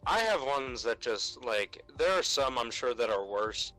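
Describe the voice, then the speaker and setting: Ranting young man, bright voice. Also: medium pitch, expressive, a little slow, soft background music, rough recording. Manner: exasperated ranting, mock voices for customers. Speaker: podcast co-host. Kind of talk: casual chat, ranting. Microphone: remote call mic.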